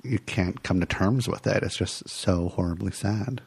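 A man who is a therapist co-hosting a podcast, speaking in a calm, affirming and reflective way. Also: low voice, moderate pace, gravelly, breathy edge. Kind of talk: casual podcast conversation.

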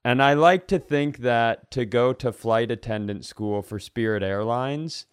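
A man's voice: medium pitch, measured pace, smooth, no echo, studio quality. A man co-hosting a comedy podcast, rambling and riffing with profane asides. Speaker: podcast co-host. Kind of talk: casual comedic chat.

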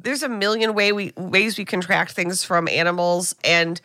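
A woman's voice: fairly low pitch, steady tone, moderate pace, sharp tone, no room sound, studio quality. An American woman co-hosting a podcast, retelling a film in casual chat and acting out the characters' lines. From United States. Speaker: podcast co-host. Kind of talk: casual movie recap chat.

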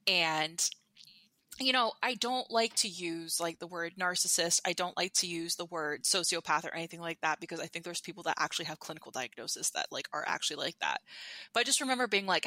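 A woman recounting a personal story on a podcast, full of fillers and quick restarts. Her voice is bright and on the lower side, recorded dry and close to the mic. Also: no echo. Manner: chatty, many fillers and restarts. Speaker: podcast guest. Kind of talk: candid storytelling.

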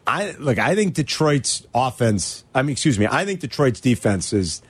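A man's voice: mid-range voice, sing-song, normal speed, husky. A man hosting a sports talk show, ranting animatedly and asking rhetorical questions. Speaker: sports radio host.

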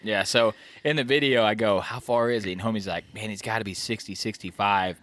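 Slangy, animated man telling a hunting story. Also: lowish voice, fairly quick, no echo, clean studio sound. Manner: animated storyteller, acts out the deer's thoughts; slangy, peppered with "you know what I mean". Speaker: bowhunter recounting a hunt. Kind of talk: casual chat.

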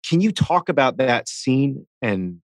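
A man's voice: medium pitch, big pitch swings, unhurried, no room sound. A man co-hosting a podcast interview who asks long, rambling, emotional questions. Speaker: podcast co-host.

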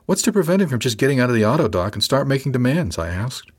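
A man narrating a first-person science fiction audiobook in a measured, even storytelling manner. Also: mid-range voice, husky.

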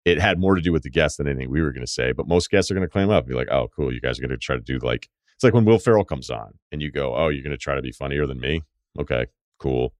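A man's voice: a bass voice, quick pace, no room sound, studio quality. A man hosting a podcast, telling a rambling, profane anecdote in a casual storytelling way. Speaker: podcast host.

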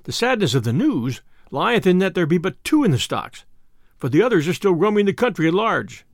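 A man's voice: sits high, very animated, fairly quick, no room sound, clean studio sound, full character voice. A man voicing a bold, merry outlaw who teases and jokes in old-fashioned English. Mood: teasing. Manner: teasing, hearty. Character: merry jesting young male outlaw, bold and playful.

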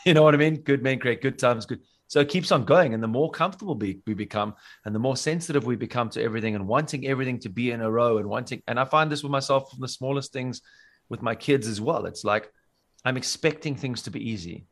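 A man's voice: medium pitch, quick pace. A man from South Africa with a South African accent, a podcast guest talking in a casual, earnest and rambling way. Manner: earnest, rambling, many fillers and restarts.

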